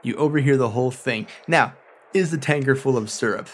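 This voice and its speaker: Man narrating as a guest game master. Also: medium pitch. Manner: casual, quick asides. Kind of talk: narrating a tabletop role-playing game.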